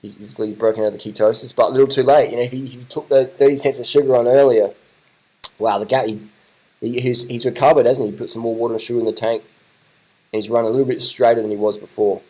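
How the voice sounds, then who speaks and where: A man's voice: mid-range voice, steady tone, fast, mellow, low-quality recording. A man giving casual, rambling commentary over race footage, swearing and repeating himself as he watches.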